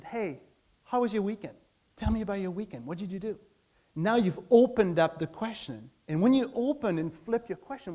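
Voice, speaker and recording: A man speaks from a stage with lively energy, often turning to the crowd with questions. His voice sits on the higher side for a man, and he slips into quick acted snippets of everyday conversation. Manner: animated, acts out everyday dialogue in quotes; asks the audience direct questions. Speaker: speaker giving a talk. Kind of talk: public talk on stage.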